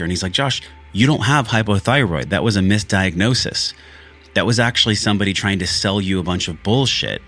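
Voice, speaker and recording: A man with a deep, low voice talks through a solo podcast episode in an earnest, heartfelt way. His speech is casual and loose, with frequent swearing. Faint music plays quietly underneath. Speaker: podcast host.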